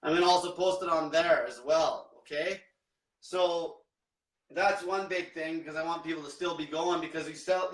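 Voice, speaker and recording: A man's voice: fairly high pitch, fairly even intonation, moderate pace, fairly bright tone, reverberant, recorded from a distance, poor audio. A man coaching in a profane, blunt livestream rant, repeating himself. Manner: profane, blunt, repetitive, fired-up. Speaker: diet coach.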